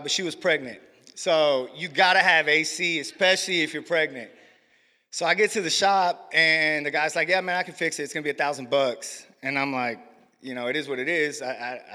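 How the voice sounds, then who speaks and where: A young man giving a casual, slangy testimony to a church congregation. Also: fairly high pitch. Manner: casual, slangy storytelling with growing excitement. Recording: echoey hall with long reverb.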